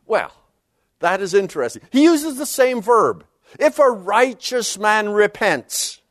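Guy teaching bible verses, high voice that jumps all over, dry close sound. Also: dry recording. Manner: animated, emphatic, with sudden drops to low quiet stress; reads scripture aloud quickly. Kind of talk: expository Bible lecture.

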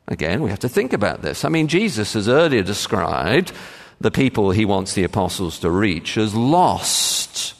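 A man preaching a sermon as pastor, measured and emphatic, with frequent pauses and "uh" fillers. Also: fairly low pitch, big pitch swings. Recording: long reverb of a large hall.

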